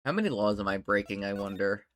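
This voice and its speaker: A streamer doing live gameplay commentary, reading dialogue aloud and reacting with loud laughs. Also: low-pitched, animated, fast talker.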